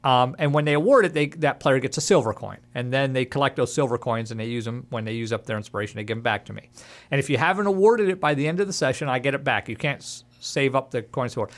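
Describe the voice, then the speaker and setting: A man's voice: medium pitch, fast talker. A man hosting a casual gaming podcast who speaks as a dungeon master and gives his opinions bluntly.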